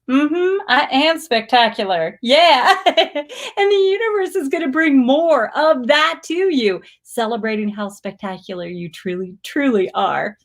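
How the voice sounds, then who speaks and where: Gushing, exuberant woman livestream host. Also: medium pitch. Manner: gushing and exuberant, squealing cheers. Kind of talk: casual livestream chat reading viewer comments.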